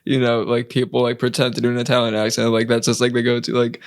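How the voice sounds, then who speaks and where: A man's voice: medium pitch, completely flat delivery, quick pace. A man co-hosting a podcast, chatting casually, laughing often and answering in short agreeing replies. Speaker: podcast co-host. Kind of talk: casual chat.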